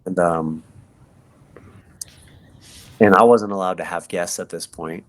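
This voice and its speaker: A man, a podcast guest, telling his personal story in an earnest, halting way with many fillers and restarts. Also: deep voice. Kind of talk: personal testimony in conversation.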